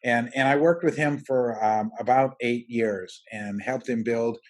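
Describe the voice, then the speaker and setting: A middle-aged man, a roofing company president, telling his story in an interview, halting with many restarts and fillers. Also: medium pitch.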